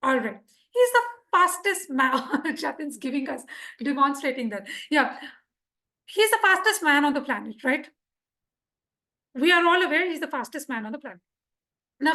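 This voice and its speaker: Female speaking coach, high and animated, audience quizzing. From India. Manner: lively, quizzes the audience, acts out examples. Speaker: public speaking trainer. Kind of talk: interactive workshop lesson. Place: club meeting room.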